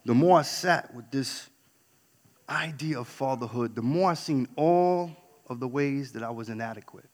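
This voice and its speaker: A man from New York telling a candid personal story on stage, swinging between loud outbursts and hushed asides. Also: medium pitch, normal speed. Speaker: speaker. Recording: long hall reverb.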